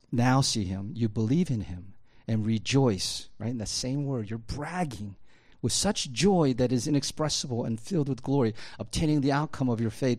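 A man's voice: medium pitch, darkish tone. Male pastor, mid-range voice, conversational sermon that swells into fervent exhortation.

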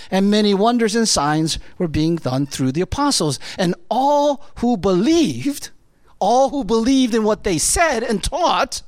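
Here a pastor preaches conversationally and with animation, his voice sitting high as he keeps asking his listeners "right?". The audio carries no echo.

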